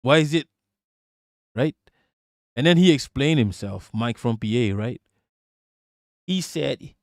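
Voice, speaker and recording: A man's voice: mid-range voice, very animated, a little slow, pauses often, no room sound, clean studio sound. A man from Malaysia, streaming a live commentary rant, profane and mocking.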